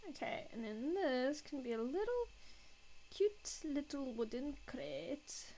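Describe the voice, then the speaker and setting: A woman's voice: sits high, sing-song, takes it slowly, warm tone, slight background noise, low-quality recording. A woman casually chatting and joking at her own expense while she draws on a live stream. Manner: self-mocking, joking, laughs often.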